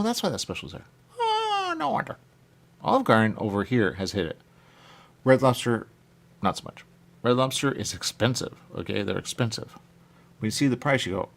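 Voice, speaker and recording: A man hosting a talk radio show, chatting casually in a rambling way and often checking in with "okay?". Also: on the low side. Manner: chatty, keeps saying "okay?" and "there you go".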